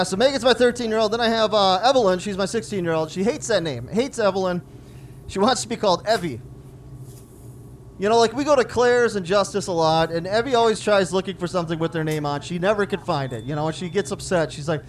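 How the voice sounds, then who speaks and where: His voice sits high and his delivery is brisk, with a little hiss or hum in the audio. The speaker is a stand-up comedian in his forties, acting out his daughters' dialogue in self-deprecating family stories.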